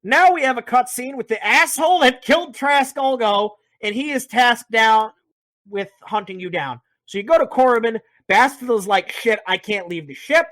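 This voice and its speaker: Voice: mid-range voice, moderate pace, fairly bright tone, dry recording. A speaker casually recapping a video game's story, rambling, joking and swearing a lot. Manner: profane, rambling, jokey. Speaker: podcast host.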